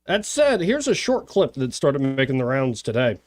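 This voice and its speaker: A man's voice: medium pitch, big pitch swings, moderate pace, hardly any pauses, a little mellow, no echo. A man with an Alabama accent hosting a talk radio show, chatting casually and joking with his studio crew. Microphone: studio microphone.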